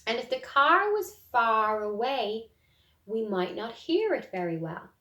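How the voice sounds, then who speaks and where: A woman with an Irish accent teaching a music lesson to young children, speaking gently and encouragingly and singing demonstrations. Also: fairly high pitch, sing-song, a little slow. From Ireland. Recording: roomy echo.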